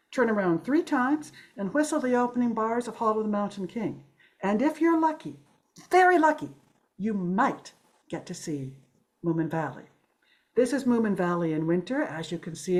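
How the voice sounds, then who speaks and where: A woman in her sixties telling a story to a live audience, playful and animated, swooping her voice up and down for effect. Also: medium pitch. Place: storytelling gathering.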